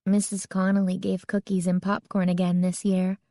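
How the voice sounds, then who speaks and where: A woman's voice: medium pitch, completely flat delivery, dark tone, no room sound, clean studio sound, close to an everyday voice. A woman voicing a chatty young girl who teases with a slightly sarcastic edge. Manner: brisk, a bit sarcastic.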